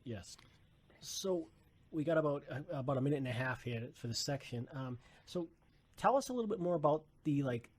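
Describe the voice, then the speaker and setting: A man hosting a radio interview about money, conversational, often dropping into soft asides. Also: on the high side, lively intonation, brisk. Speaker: radio host, financial advisor.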